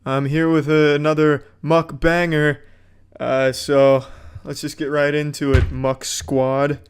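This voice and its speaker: A man putting on a drunk, bombastic mukbang host who drags out every word. The voice sits higher than usual and booms. Every line is hammed up like an announcer's. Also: level tone, clean tone. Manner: bombastic, slow, hammy announcing. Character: over-the-top drunk male mukbang host.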